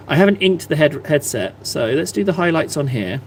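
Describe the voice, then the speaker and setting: A man's voice: on the high side, a little fast, slight background noise. A man chatting casually on a live stream, self-mocking and rambling as he paints. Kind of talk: casual livestream chat while painting.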